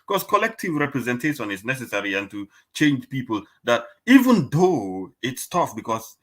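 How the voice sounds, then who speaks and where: A man speaks in an impassioned, emphatic way during a casual panel chat. His voice has a bright edge and a middle pitch. He presses his points hard. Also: very animated, normal speed. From Africa. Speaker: panel guest.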